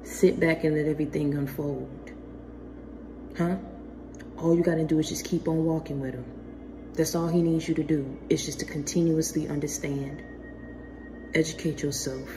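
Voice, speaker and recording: Deep-voiced woman giving a spiritual pep talk. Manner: earnest, slangy, calls listeners baby. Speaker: spiritual motivational speaker.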